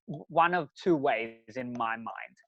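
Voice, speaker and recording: A man's voice: medium pitch, slow pace, no echo. A man co-hosting a podcast, chatting casually with lots of ums and restarts. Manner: chatty, many ums and restarts, warmly encouraging. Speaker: podcast co-host. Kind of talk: casual chat recapping a reality show. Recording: dry, slightly muffled sound.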